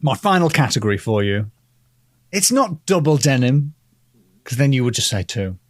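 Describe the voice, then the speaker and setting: A man with a Northern English accent leads a comedy podcast segment with dry wit. His mid-pitched voice moves lively up and down. The recording is close and dry. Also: normal speed, no room sound. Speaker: podcast co-host presenting the topic. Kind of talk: comedic casual chat.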